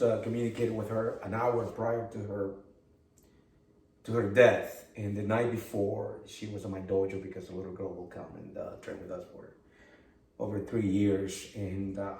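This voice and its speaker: Halting low-voiced man, roomy distant sound. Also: darkish tone. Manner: halting, with many fillers and restarts. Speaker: podcast co-host. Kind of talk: emotional interview talk.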